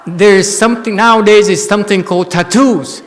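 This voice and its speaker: A man voicing his grown children, who brush off their old-fashioned dad in a high, loud, mocking tone. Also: normal speed, big-room sound, close to an everyday voice. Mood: teasing.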